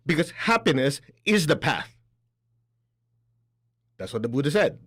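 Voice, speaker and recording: Lively high-voiced man lecturing. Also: unhurried, pauses often, husky. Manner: animated, acts out quoted voices. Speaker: spiritual teacher. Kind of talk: spoken lecture.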